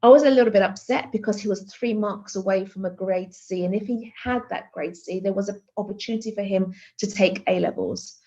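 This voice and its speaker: Woman art teacher telling a story at a conference, lively voice going up and down, kinda dull lo-fi sound. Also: mid-range voice, a little fast, hardly any pauses. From Greece. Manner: animated anecdotal telling with many fillers and restarts. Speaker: keynote speaker, art teacher.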